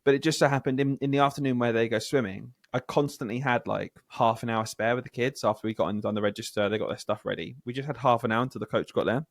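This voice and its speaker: A man with a northern English accent, co-hosting a podcast as a primary teacher, telling stories in an animated, laughing way. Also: medium pitch, creaky, dry recording, clean studio sound. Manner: animated, laughing, quick storytelling. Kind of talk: casual chat.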